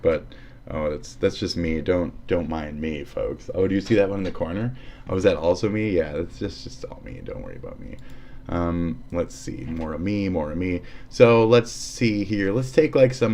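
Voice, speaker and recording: Profane gravelly live streamer man. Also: low-pitched, darkish tone. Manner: rambling, profane, sarcastic, often trailing into mutters. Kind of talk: casual profane streaming chat.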